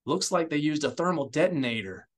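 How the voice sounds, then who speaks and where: A man's voice: a little high, expressive, fairly quick, pitched above the performer's own voice. Man voicing an urgent, firm loyal aide. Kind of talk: audiobook character voice.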